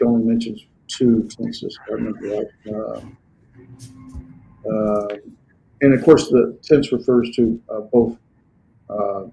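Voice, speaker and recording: A man in a classroom, talking through grammar in an easygoing lecture, his pitch sitting in the middle range. He keeps asking whether the class follows him, and now and then he slips in a dry, sarcastic aside. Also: darkish tone. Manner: conversational, checks understanding with "right?". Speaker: Greek grammar teacher.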